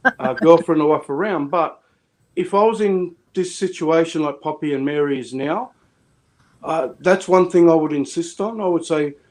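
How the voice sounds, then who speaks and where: A man in casual online chat, rambling and swearing, with tongue-tied restarts. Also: a little high.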